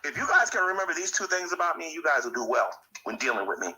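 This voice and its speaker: A man's voice: on the high side, sing-song, fast talker, pushed and bright, poor audio. A man speaking bluntly and insistently to camera in a monologue.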